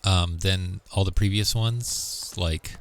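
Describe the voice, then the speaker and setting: A man's voice: sits low, takes it slowly, slight background noise. A man chatting casually to his viewers while playing a game, rambling with lots of fillers and muttering to himself. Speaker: streamer. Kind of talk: casual gaming livestream chat.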